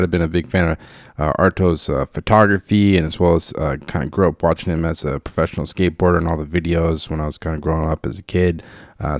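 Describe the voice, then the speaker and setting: Fast deep-voiced man closing a podcast. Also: no room sound, clean studio sound. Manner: quick, informal with frequent "uh". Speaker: podcast host. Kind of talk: podcast outro.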